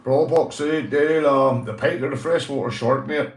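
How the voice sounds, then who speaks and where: A man's voice: mid-range voice, moderate pace. A man from Northern Ireland with a Northern Irish accent, hosting a casual livestream and chatting loosely to viewers, swearing and calling them mate. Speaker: livestream host. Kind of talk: casual livestream chat reading comments. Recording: echoey room.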